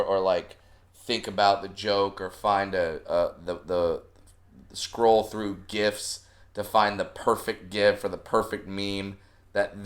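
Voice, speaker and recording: A low-pitched man chatting casually on a podcast as a comedian guest. He tells his stories with animated energy, slipping into other voices as he acts out the scenes. His delivery stays loose and conversational. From Southern California. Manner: animated storyteller, acting out family anecdotes.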